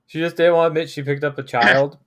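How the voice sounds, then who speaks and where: A man's voice: fairly high pitch, steady tone, fast, a bit bright. A man in a casual chat among tabletop players, teasing the others.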